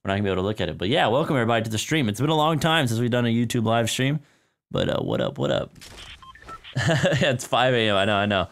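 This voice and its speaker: A man's voice: medium pitch, expressive, racing, fairly bright tone. A young man casually commentating a live game stream, chatty and laid-back, with a tired early-morning voice. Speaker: gaming streamer.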